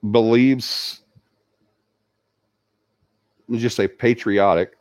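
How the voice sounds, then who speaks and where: A man, hosting a paranormal channel, gives a halting, heartfelt tribute full of fillers. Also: mid-range voice, steady tone, darkish tone, no room sound, clean studio sound. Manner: halting, sincere, many fillers. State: tearing up. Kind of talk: emotional livestream tribute.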